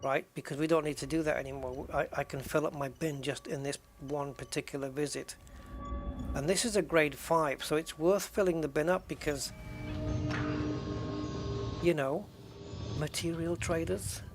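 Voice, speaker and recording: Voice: medium pitch, steady tone, moderate pace, pauses often, over music. Chatty game streamer thinking aloud. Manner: thinks aloud, counts items and chats with viewers; casual and chatty, with frequent restarts. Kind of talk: live gameplay commentary.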